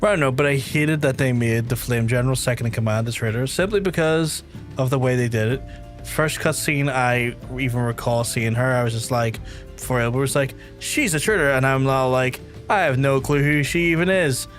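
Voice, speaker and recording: A man's voice: medium pitch, brisk, soft background music. Chatty man streaming. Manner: chatty, rambling, animated. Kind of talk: casual let's-play chat.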